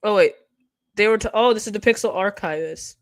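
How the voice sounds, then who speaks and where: This woman's medium-pitched voice runs a little fast on a dry recording as she rants about online drama on stream. She mocks the posts she reads out, swearing as she dissects them.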